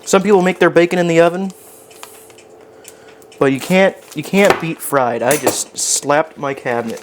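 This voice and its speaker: A man's voice: fairly high pitch, fairly even intonation, moderate pace, slight background noise. A man chatting casually while cooking on a live stream in his home kitchen, rambling and poking fun at himself as he talks to his chat.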